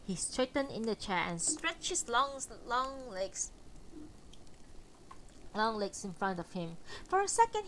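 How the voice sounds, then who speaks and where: Lively woman reading a novel aloud. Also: mid-range voice, slight background noise, low-quality recording. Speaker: storyteller streaming a book reading.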